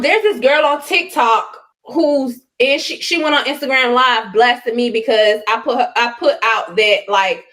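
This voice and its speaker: Woman going off on a live stream, cussing nonstop, kinda high voice. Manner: profane, combative, loud bursts of mockery. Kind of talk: angry live-stream rant.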